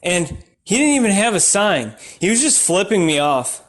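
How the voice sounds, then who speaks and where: Man, stand-up comedian, deadpan and rambling, high voice, sudden shouts. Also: normal speed. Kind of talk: absurdist stand-up bits.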